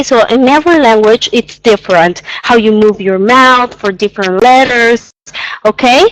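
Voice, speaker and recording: A woman's voice: a little high, dry recording, low-quality recording. A woman teaching an English pronunciation lesson, patiently repeating sounds and exaggerating them so learners can hear.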